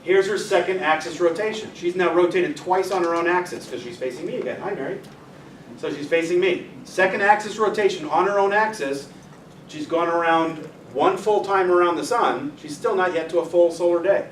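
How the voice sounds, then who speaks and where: In a meeting room before an audience, a man with a high voice and moderate pace delivers a casual astronomy lecture to a club. He's a physics teacher, chatting, steering helpers through a demo and joking around. Faint noise, an echoey room and a distant mic mark the recording.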